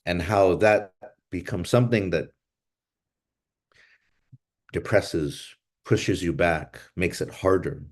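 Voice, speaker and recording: A man's voice: low-pitched, takes it slowly, long pauses. A man hosting a language class over a video call, speaking in a thoughtful, reflective way and moving between Chamoru and English.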